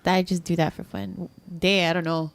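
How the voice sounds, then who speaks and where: A woman's voice: lowish voice, flat delivery, normal speed, vocal fry. A woman in casual podcast chat, chiming in with amused comments. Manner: amused, chiming in between laughs.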